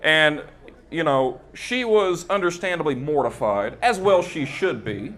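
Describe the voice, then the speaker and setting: A man's voice: on the high side, animated, a little slow, a bit bright. A young man performing a stand-up set on a club stage into a handheld mic, chatty and working the crowd with frequent "right?". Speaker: stand-up comedian.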